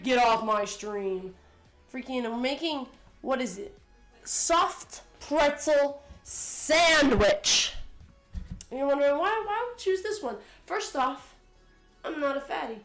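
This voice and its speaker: An eighteen-year-old woman chats through a cooking stream from her home kitchen. Her voice sits high and keeps cracking from a cold. She jokes, swears casually and keeps things playful, with faint music playing behind her. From United States. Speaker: cooking livestream host. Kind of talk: casual livestream chat. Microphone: desk condenser mic.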